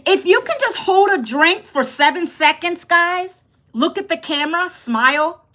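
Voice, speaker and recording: A woman's voice: extremely high pitch, lively intonation, measured pace, a bit bright. A woman in her fifties hosting a live stream, chatting casually with her viewers and reading out their comments. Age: 50s.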